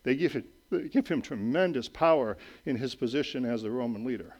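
A middle-aged man preaching a sermon in a conversational way, checking in with "okay?" and "right?" and moving between raised emphatic lines and quiet low asides. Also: lively intonation, fairly quick. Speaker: pastor.

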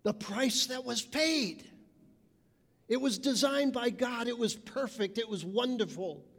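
A man's voice: extremely high pitch, a little slow, a bit bright. A man preaching a sermon with emphasis, mimicking people's voices. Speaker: pastor. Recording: reverberant hall.

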